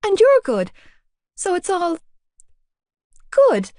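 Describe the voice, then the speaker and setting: A woman reading an audiobook, voicing a shy, awkward teenage girl who talks high and flustered. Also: normal speed, dark tone, dry recording, lightly acted. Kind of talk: audiobook character voice.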